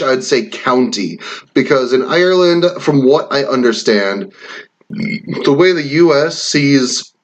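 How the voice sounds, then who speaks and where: A man's voice: medium pitch, a bit bright. A man from Wisconsin chatting casually and swearing now and then as he reads quiz questions aloud and riffs on them. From Wisconsin, USA. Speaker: vlogger taking online quizzes. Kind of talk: casual rambling commentary.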